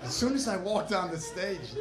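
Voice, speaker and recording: A man from New City, doing a stand-up comedy set, telling brash, rapid-fire stories full of cursing. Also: high-pitched, very animated, very noisy. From New York City. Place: comedy club stage. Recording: echoey club with loud crowd laughter. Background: loud audience laughter.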